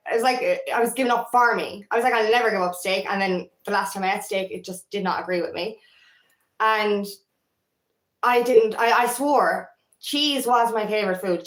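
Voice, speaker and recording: A woman with an Irish accent talks straight to camera in a casual, rambling vlog, candid and quick to swear. Her voice sits a little high, and the room around her gives a noticeable echo. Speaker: feminine empowerment coach.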